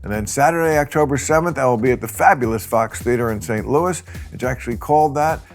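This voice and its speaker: A man's voice: mid-range voice, fast talker, gravelly, soft background music. A man hosting a casual podcast chat, asking wry, teasing questions. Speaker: podcast host.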